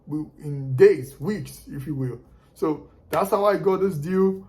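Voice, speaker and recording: Man, fairly high voice, casual vlog story, talks right to viewers, stumbles over repeated words. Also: a little slow, darkish tone, low-quality recording. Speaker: car flipper sharing tips.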